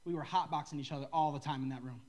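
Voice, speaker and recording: Guy pastor giving a sermon, kinda high voice, chatty and jokey, teases the room. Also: steady tone, rapid-fire, a little mellow. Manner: conversational, joking, ribs the audience.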